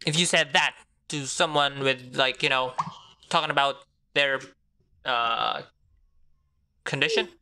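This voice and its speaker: A young man talks slowly and casually over a game, joking as he reads text messages aloud. His voice is bright and clear, with a smooth, unhurried delivery. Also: medium pitch, steady tone. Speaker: gamer. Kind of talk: casual gameplay commentary.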